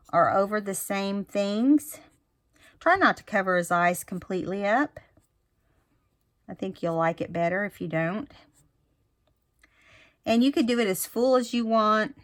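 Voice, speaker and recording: A woman's voice: mid-range voice, dry recording, studio quality. Chatty woman teaching a card craft. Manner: chatty, explains step by step with fillers. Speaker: craft instructor. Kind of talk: casual craft tutorial.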